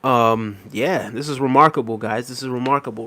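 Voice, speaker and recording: A man with a middle-pitched voice hosts a casual livestream, reading viewer comments aloud and thanking each one in an unhurried, easygoing manner. His voice is recorded close and dry, with no room sound. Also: no echo. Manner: relaxed, thanks viewers repeatedly, soft laughs. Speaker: livestream host. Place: New York City.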